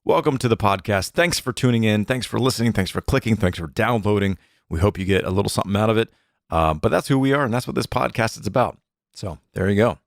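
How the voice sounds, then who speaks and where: A man in his thirties co-hosts a casual podcast from his home studio, joking playfully and rambling with plenty of fillers. He speaks quickly in a lowish, creaky voice, with no room sound on the recording.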